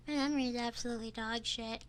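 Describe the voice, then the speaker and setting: A young woman streaming from home and chatting with her viewers, her voice high and sharply bright. She is excitable and laughs often, cursing and pleading with the chat. She is recorded up close on a binaural microphone. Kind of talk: casual live-stream chat. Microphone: binaural ASMR microphone.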